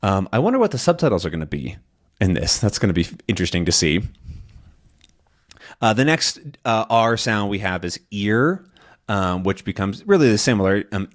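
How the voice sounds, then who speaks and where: A young man teaching an English lesson in a casual way, pausing to demonstrate and drawn out sounds, with frequent ums and self-corrections. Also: on the low side, animated.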